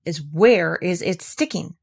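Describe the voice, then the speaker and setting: Woman voicing a fussy male rabbit, know-it-all, reasoning aloud, lowish voice, storybook. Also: expressive, slow, vocal fry, slightly rough, exaggerated voice. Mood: musing. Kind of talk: storybook reading.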